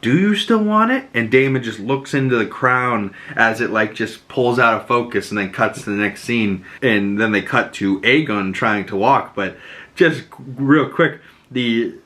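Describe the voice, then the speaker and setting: Excitable, bright-voiced male podcast host. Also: mid-range voice, a little slow. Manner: excitable, loose, swears freely. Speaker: podcast host recapping a TV episode. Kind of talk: casual recap chat.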